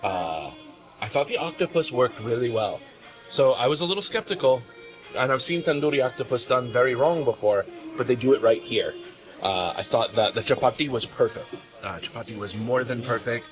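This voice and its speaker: At a restaurant table, a man hosting a food vlog chats casually and laughs often, his medium-pitched voice animated and moderately paced. Background music runs under this relaxed food review talk.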